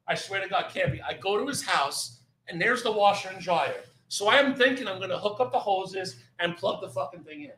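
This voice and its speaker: A man spins a profane, animated story in casual podcast chat. His voice sits high and bright with a sharp edge, and it climbs to near shouts at the punchlines. A roomy echo and faint hiss surround him. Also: fairly quick, few pauses.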